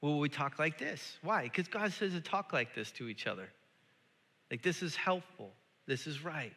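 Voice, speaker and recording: A man preaching a sermon as pastor, animated and climbing into emphatic repetition. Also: fairly high pitch, moderate pace. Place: church sanctuary. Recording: church hall with long reverb.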